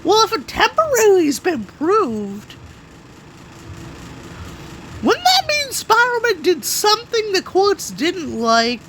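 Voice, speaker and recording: A woman's voice: extremely high pitch, wildly swooping pitch, slow, long pauses, noisy background. A woman hosting a reaction video in casual, rambling commentary, talking to herself and swearing now and then. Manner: rambling, swears, talks to herself while browsing.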